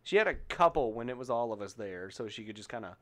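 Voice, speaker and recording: A man in loose, profane conversation, his voice swinging widely in pitch as he spins stories. He laughs often and talks with lively, animated energy. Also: quick pace. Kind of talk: casual podcast banter.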